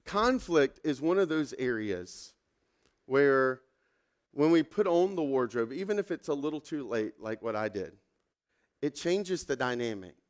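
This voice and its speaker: A man's voice: medium pitch, very animated, unhurried. A pastor in his thirties giving a conversational, self-deprecating sermon with many fillers and asides.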